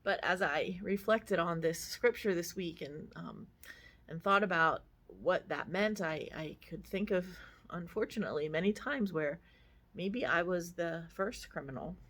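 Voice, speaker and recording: A woman's voice: fairly low pitch, expressive, unhurried, fairly bright tone. A woman pastor giving a casual devotional reflection, talking conversationally with many fillers and asides.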